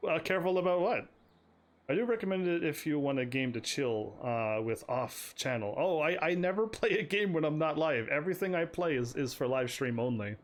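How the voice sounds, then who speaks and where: A man's voice: fairly high pitch, animated, a little fast, few pauses. Chatty, stammering male streamer. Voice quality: slightly strained voice. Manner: chatty, stammering, laughing often. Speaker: live streamer. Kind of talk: casual gameplay commentary.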